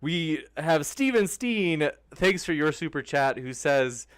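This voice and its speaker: A man's voice: a little high, animated, slow, a little hiss or hum. A man moderating an online debate and reading out viewer questions in a polite, hesitant way. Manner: polite, hesitant, with filler words.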